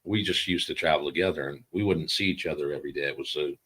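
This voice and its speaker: A man hosting a podcast, chatting in a relaxed, friendly way. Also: a bass voice, quick pace, breathy edge. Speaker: podcast host. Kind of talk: casual chat.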